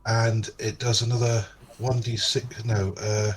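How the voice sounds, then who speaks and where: A man's voice: on the low side, flat delivery, unhurried, slight background noise. A man playing a tabletop game, working out damage aloud and correcting himself. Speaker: player.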